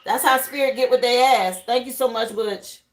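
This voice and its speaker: A woman's voice: a little high, moderate pace, a little hiss or hum, low-quality recording. A woman doing a casual live tarot reading at home, chatty, greeting viewers and thinking aloud over the cards. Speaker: tarot reader hosting a live stream. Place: home livestream setup, burning incense.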